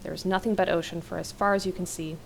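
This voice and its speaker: A woman hosting a game video, reading an interactive novel aloud in steady plain narration. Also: on the low side, fast talker, gravelly, a little hiss or hum. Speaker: let's play host.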